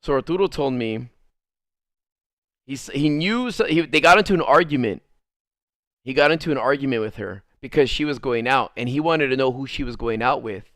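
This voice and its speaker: A man streaming a game while telling a story in casual chat, animated, swearing freely and laughing often. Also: mid-range voice, brisk, no echo, studio quality.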